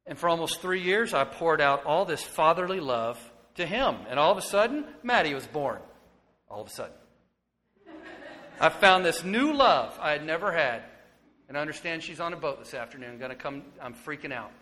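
A man in his forties preaching a sermon as pastor, swinging from hushed, tender moments to loud, excited ones. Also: a little high, moderate pace. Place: church sanctuary. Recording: long hall reverb.

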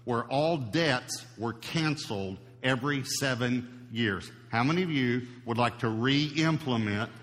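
A man's voice: mid-range voice, unhurried, few pauses, a bit bright. A male pastor giving a sermon in an emphatic, conversational preaching style. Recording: long hall reverb.

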